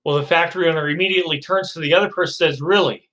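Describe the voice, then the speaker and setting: A man's voice: fairly high pitch, steady tone, very fast, a bit bright, low-quality recording. A male lecturer telling a story to his class, acting out the characters in quotes, with frequent fillers and restarts. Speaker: psychology lecturer.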